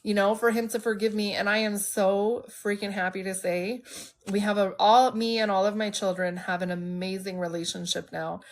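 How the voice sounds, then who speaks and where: A woman's voice: mid-range voice, little pitch movement, normal speed. A woman in her thirties, hosting a live stream, telling her own recovery story openly and bluntly, sounding stuffy from allergies. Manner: open and emotional, speaks bluntly. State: congested from allergies. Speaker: livestream host. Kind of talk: candid personal storytelling.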